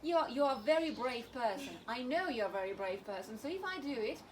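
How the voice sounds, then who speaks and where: A woman with a high voice presents a children's object lesson in a chatty, playful way. She acts out exaggerated worry and trips over small restarts, with faint noise in the background. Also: lively intonation, brisk.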